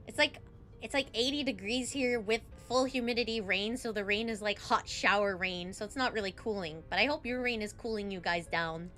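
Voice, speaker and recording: A woman's voice: mid-range voice, a little fast, bright, forceful tone, soft background music. A young adult woman streaming a game, chatting casually and giggling, saying "like" a lot.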